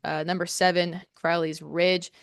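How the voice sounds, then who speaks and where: Young female co-host, low even voice, smooth and dry, reads stat lists with ums. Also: unhurried, no room sound. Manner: steady list reading with filler ums. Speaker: podcast co-host. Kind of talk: reading softball stats preview. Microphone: headphones and studio mic.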